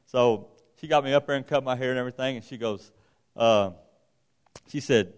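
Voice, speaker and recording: A man preaches in a plain, folksy way, drifting into a long personal story full of restarts. His voice sits at an ordinary middle pitch for a man. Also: moderate pace, clean tone. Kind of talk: informal sermon with personal story.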